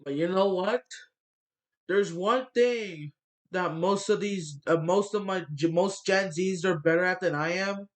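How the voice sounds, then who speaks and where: A man ranting bluntly into the camera, swearing often and filling pauses with fillers, his nose stuffy from a cold. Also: high voice. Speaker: vlogger. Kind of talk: ranting monologue.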